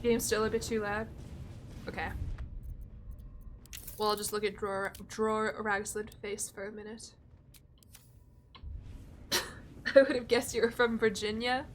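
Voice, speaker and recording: A young adult woman streams a video game, chatting casually with viewers in a level, medium-pitched voice, unhurried and pausing often. She laughs a lot, jokes about herself and reads chat aloud, with a little hiss or hum in the background.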